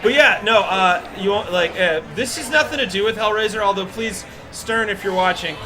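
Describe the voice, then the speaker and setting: A man hosting a casual live stream in an arcade, joking and rambling excitedly. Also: high voice, moderate pace, music in the background. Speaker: stream host.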